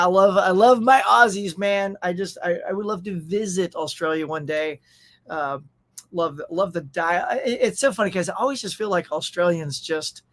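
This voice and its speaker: A man's voice: sits high, fairly bright tone. Upbeat chatty American man. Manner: upbeat, chatty, laughs often, reads chat aloud. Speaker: host of a live pop culture stream. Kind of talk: casual live-stream chat.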